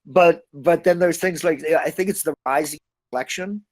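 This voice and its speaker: A middle-aged Canadian man, an actor being interviewed, talking in a rambling, animated way and slipping into other accents. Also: on the high side, moderate pace, dry recording, poor audio. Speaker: actor guest. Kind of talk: casual interview chat.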